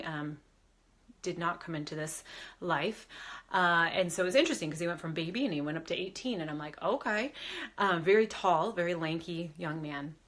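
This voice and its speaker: Chatty woman medium telling a story. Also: fairly low pitch. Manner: chatty, lively retelling with quoted voices and laughs. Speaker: medium and spiritual advisor. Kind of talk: casual storytelling to a live audience.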